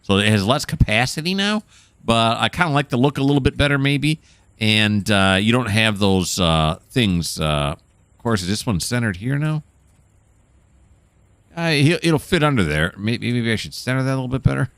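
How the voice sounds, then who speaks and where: A man's voice: medium pitch, expressive, normal speed, a bit bright, clean tone, dry recording. A man casually commenting while playing a train game, rambling and correcting himself as he goes. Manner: rambling, self-correcting, chatty. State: hiccuping. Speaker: gameplay host.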